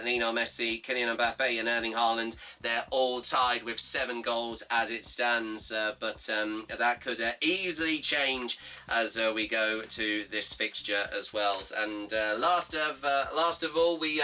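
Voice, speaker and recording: Halting man with a sharp bright voice. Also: mid-range voice, distant mic. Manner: halting, full of fillers and restarts. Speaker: presenter of a fan football series. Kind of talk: casual newspaper review.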